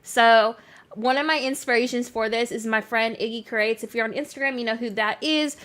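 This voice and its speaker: On a live game stream, a young-sounding woman from Canada chats and answers viewers, using "like" heavily, in an accent combining Canadian and Southern American. Her voice is slightly high, moderately paced, fairly even, and a bit bright.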